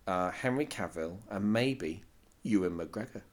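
A man's voice: low voice, expressive, unhurried, a crowd in the background. A man co-hosting a casual podcast chat. He teases his friends in a wry, mocking way. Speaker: podcast co-host.

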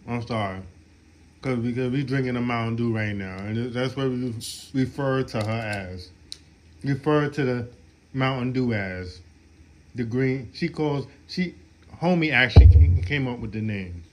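A man's voice: medium pitch, a little slow, slight background noise. A man hosting a podcast in a casual, joking, slangy chat with his co-host. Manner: laid-back, joking, slangy.

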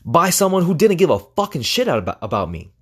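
Fast and very animated, a podcast host with a high, slightly rough voice rushes through a motivational rant full of swearing, emphatic delivery, and rhetorical questions.

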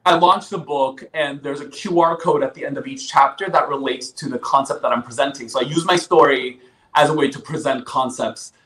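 A man's voice: medium pitch, brisk, fairly bright tone, low-quality recording. Man explaining ideas as a guest. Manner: explanatory, uses metaphors. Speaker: author and guest. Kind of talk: casual interview talk.

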